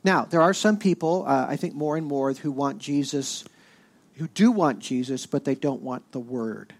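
A man's voice: medium pitch, normal speed, vocal fry. A male pastor preaching a sermon, emphatic and rising in force as he reads scripture aloud.

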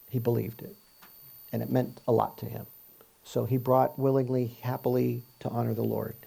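A man teaches from scripture in a relaxed, conversational way, working through the text verse by verse and posing rhetorical questions to his listeners. His voice is gravelly and husky, with a warm, mellow tone. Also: medium pitch. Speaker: Bible teacher.

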